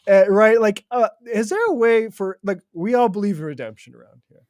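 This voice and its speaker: Blunt, higher-voiced man co-hosting. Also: lively intonation, brisk, a little mellow, dry recording, studio quality. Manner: blunt and emphatic, swears, laughs mid-sentence. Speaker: podcast co-host. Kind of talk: casual political chat.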